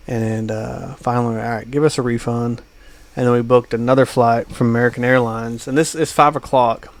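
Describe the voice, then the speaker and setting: A man co-hosting a podcast, telling a long travel anecdote in casual chat, full of fillers like "uh" and "like". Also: medium pitch. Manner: rambling anecdote with many fillers. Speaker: podcast co-host.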